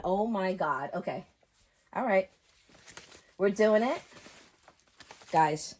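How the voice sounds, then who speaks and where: A woman vlogger chatting casually through an unboxing, gushing and excitable. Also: lowish voice, a little hiss or hum.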